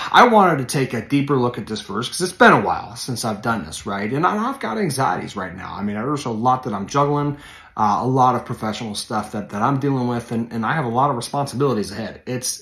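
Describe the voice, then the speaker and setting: A man's voice: mid-range voice, expressive, fairly quick, pushed and bright. Conversational man in an echoey room. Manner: conversational, many fillers and self-corrections, leans in on key phrases. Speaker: podcast host and preacher. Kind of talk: casual devotional podcast talk.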